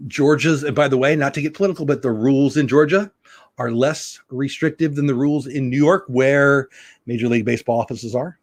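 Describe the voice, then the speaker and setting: A man's voice: medium pitch, steady tone, brisk, no room sound. A middle-aged man hosting a casual live stream from home, rambling and opinionated as he chats with viewers. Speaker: livestream host.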